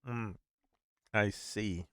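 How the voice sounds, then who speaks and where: A man hosting a casual game stream, reading chat aloud and thinking out loud in a playful, chatty way. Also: fairly low pitch, fairly even intonation, drawn-out words, clear, resonant tone, dry recording, studio quality. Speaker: gaming streamer, host.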